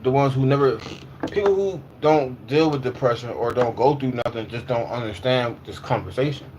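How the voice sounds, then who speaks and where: A man in his twenties or thirties talks loosely on a livestream, repeating phrases and reacting to chat in slangy everyday speech. His pitch sits in a middling range, and a faint hum runs under the recording. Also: moderate pace.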